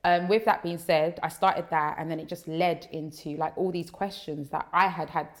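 Young woman guest, low voice, blunt and chatty, filler-heavy. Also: steady tone. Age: young adult. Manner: outspoken, talks in quick run-on bursts with many fillers. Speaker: guest, faith content creator. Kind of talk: casual podcast chat.

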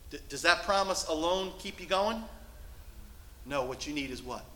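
A male pastor preaching a sermon from the pulpit, shifting between loud, emphatic lines and hushed, soft passages. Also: on the high side, lively intonation, moderate pace, echoey room, slight background noise, rough recording. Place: church sanctuary.

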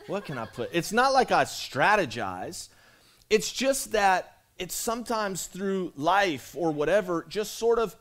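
Male pastor, slightly high voice, relaxed conversational sermon style with call-outs. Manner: conversational, repeats himself, calls out to the congregation. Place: church sanctuary.

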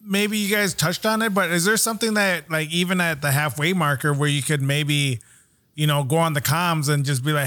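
Man hosting a podcast, fairly high voice, dry close sound, easygoing and jokey. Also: steady tone, brisk, bright, forceful tone, no echo. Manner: laid-back, laughs easily, swears casually. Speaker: podcast host. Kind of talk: casual podcast conversation.

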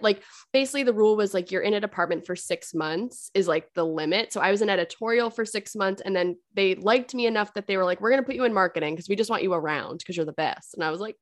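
Chatty woman telling a story. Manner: chatty, many "like" fillers, acts out quoted voices; lively, swings up in pitch on quotes. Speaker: podcast guest. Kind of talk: casual storytelling in an interview.

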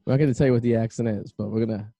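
A man's voice: on the low side, fairly even intonation, rapid-fire, mellow, no room sound. A man hosting a casual chat show, rambling and crude in his banter. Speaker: podcast host.

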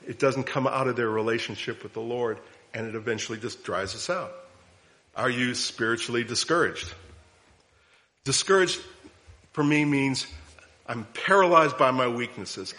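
A middle-aged man preaching a sermon, his voice sitting at an ordinary pitch. He teaches in a conversational way, slipping in humor and lively swings of emphasis. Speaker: pastor.

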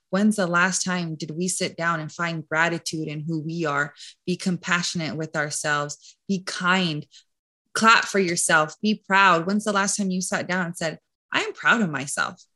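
Bright, chatty woman coach. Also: on the low side. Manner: rambling, heavy on "like" and "you know". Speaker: nutrition and mindset coach, guest. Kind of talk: casual podcast chat.

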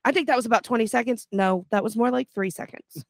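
Brief: giggly woman with a slightly high voice, podcast co-host, dry close mic. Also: fast, no room sound. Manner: giggly, blurts out quotes and crude jokes. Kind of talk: casual movie chat.

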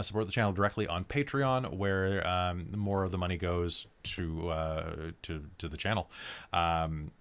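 Man, stream host and game master, low-pitched, chatty and rambling with lots of ums. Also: a bit bright. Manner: rambling, many fillers and restarts. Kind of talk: casual stream sign-off chat.

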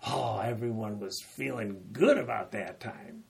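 A man preaching a sermon, retelling scripture as animated storytelling and acting out the quoted lines with rising intensity. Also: on the low side, a little slow, vocal fry, hardly any pauses, husky.

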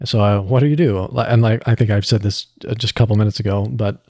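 Picture a man with a fairly low, warm, mellow voice, thinking out loud about his voice acting work in a casual podcast chat. He circles his points, restarting sentences as he goes. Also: fairly even intonation, fast talker, dry recording, clean studio sound. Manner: reflective, rambling with many restarts. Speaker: voice actor.

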